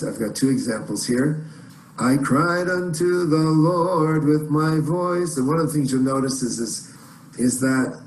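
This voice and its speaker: A man's voice: medium pitch, darkish tone. A man teaching chant in an online lesson, explaining in plain words between short sung phrases. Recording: roomy echo, faint noise.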